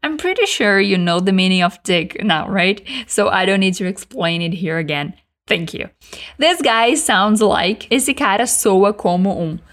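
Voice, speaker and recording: A woman leads an English lesson in a mid-range voice. She models each sentence slowly and with care, then prompts the listener to repeat it after her. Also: medium pitch, lively intonation, a bit bright. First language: Brazilian Portuguese. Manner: slow, carefully enunciated model sentences. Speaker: English teacher.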